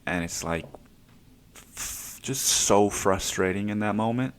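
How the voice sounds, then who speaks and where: A man's voice: on the low side, slow. A young man hosting his own podcast, talking through personal stories in a casual, rambling way with plenty of swearing. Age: young adult. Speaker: podcast host.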